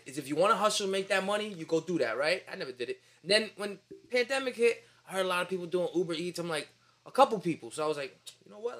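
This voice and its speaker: A man's voice: sits high, a bit bright. A young man, chatting casually on a podcast and telling profane street-slang stories with energy. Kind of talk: casual chat.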